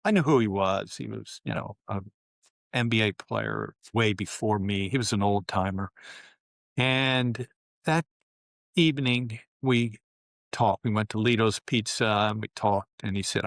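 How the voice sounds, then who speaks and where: A man in his seventies, a former pro basketball player, telling stories as an interview guest in an animated way, often saying "you know" and "man". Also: lowish voice, measured pace, creaky, no room sound, studio quality. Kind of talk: interview storytelling.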